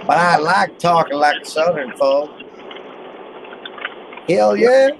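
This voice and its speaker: A man's voice: on the high side, normal speed, a little hiss or hum, rough recording. A man from Western New York, chatting casually and laughing often. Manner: laughing, animated. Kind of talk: casual group chat.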